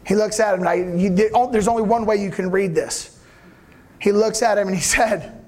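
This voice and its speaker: A man's voice: high-pitched, moderate pace. A man preaching a sermon, telling the story animatedly with casual slang.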